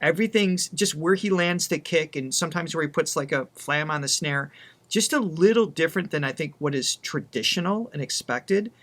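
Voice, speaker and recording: A man's voice: on the high side, lively intonation, normal speed, fairly bright tone. A man co-hosting a music reaction, talking casually and enthusiastically, often restarting his sentences. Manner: enthusiastic, chatty, many restarts. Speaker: vocal coach co-host.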